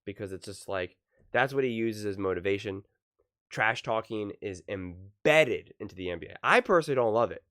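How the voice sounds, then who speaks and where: A man's voice: lowish voice, moderate pace, no room sound, studio quality. A young man hosting his own sports commentary channel, giving emphatic solo opinions and punching out quoted lines from players. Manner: animated, emphatic, quoting players in punchy voices.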